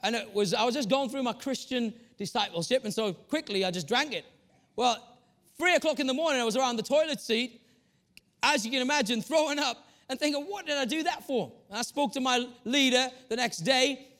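High-voiced bright preacher from England. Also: male voice, fairly quick. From Northeast England. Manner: storytelling preacher, shifts pace often. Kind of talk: sermon.

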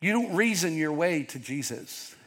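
A man's voice: fairly high pitch, animated, normal speed, fairly bright tone. A middle-aged man preaching a sermon as pastor, earnest and openly vulnerable, rising to emphatic peaks. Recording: long hall reverb.

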